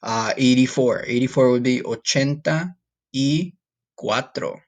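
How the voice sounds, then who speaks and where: A man teaching a recorded Spanish lesson to students, encouraging and casual, slowing down to model each word. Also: medium pitch. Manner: encouraging, talks straight to students, repeats words slowly to model pronunciation.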